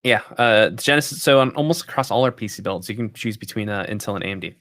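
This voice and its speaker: A man's voice: lowish voice, quick pace, fairly bright tone, no echo, studio quality. A man hosting a casual livestream and answering viewer questions in an easygoing way. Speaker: PC company livestream host.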